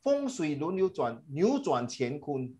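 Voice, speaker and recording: A middle-aged man, a teacher giving animated, emphatic feedback to his class and slipping into Mandarin phrases. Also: a little high, unhurried.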